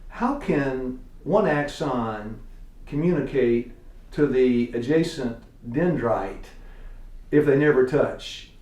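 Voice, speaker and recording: A man's voice: mid-range voice, expressive, slow, a little mellow. A man with a Tennessee accent teaching a church class, quizzing his students in a folksy way and chuckling often. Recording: echoey room, distant mic.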